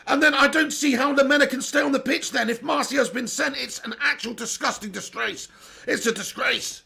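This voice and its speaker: A high-pitched, bright young man rants through a live football watch-along with his voice strained and sore. His tone is gravelly and husky, and he keeps circling back to the same complaint in exasperation. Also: normal speed. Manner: ranting, exasperated, repeats himself.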